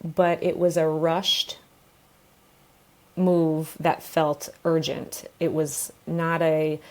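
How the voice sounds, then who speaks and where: Candid, low-voiced woman guest. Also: little pitch movement, very slow. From New York, USA. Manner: open and emotional, laughs often as she talks. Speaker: guest, pelvic floor therapist. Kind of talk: candid interview storytelling.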